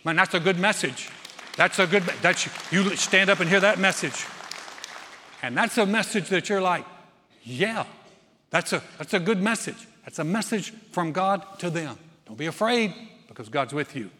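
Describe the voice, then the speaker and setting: A man preaching a sermon, telling a story with acted-out voices and swinging from loud to hushed. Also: high voice, lively intonation, normal speed, slight background noise. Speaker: pastor. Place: large church sanctuary. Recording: long hall reverb.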